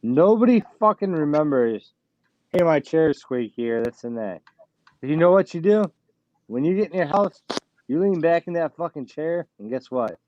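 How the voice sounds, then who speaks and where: This show host talks in a fairly high, expressive voice at a moderate pace, with no echo and the highs cut off. Chatting casually on his live stream, he swears a lot, speaks bluntly, and boasts about getting by on little sleep.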